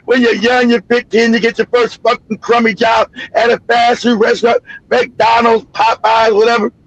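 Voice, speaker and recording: A man's voice: extremely high pitch, flat delivery, moderate pace, no echo, dull audio. A middle-aged man giving heated, profane commentary on a livestream, swearing freely and laughing at his own jokes.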